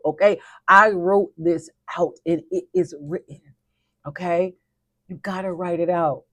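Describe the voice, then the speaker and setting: A woman with a voice on the low side hosts a weekly motivational talk, speaking emphatically in a folksy, spirited manner and repeating her declarations. The recording is dry.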